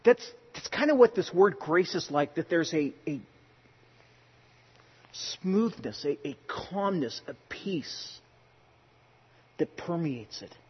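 A man preaching a sermon in a conversational way, telling personal stories, sometimes loud and sometimes hushed. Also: fairly high pitch, lively intonation, slow pace, pauses often, husky, long reverb tail, lo-fi sound. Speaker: pastor.

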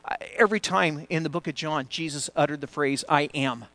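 Pastor, male, fairly high voice, earnest off-the-cuff sermon delivery to a home congregation. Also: fairly quick, few pauses, no echo. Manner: earnest, conversational preaching with frequent restarts; rises louder and higher when building a point. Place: church before a congregation.

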